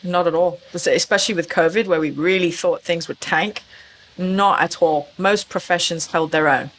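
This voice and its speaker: A woman's voice: fairly low pitch, moderate pace, fairly bright tone, slight background noise. A woman recruitment consultant speaking as a podcast guest, explaining fluently and confidently. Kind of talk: podcast interview.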